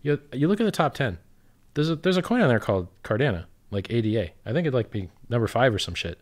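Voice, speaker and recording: Guy ranting and cussing nonstop, jumps from loud yelling to low muttering, mid-pitched voice. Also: lively intonation, fast talker. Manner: swears constantly, loud outbursts and sarcastic quotes. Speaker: crypto project founder, guest. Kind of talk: profane animated ranting in casual chat.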